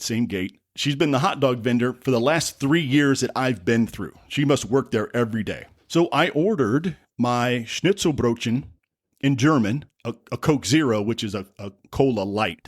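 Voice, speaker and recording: A man's voice: medium pitch, dry recording, studio quality. A man from the United States hosting a podcast, telling a travel story in a casual, rambling way with wry asides and self-corrections. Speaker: podcast host.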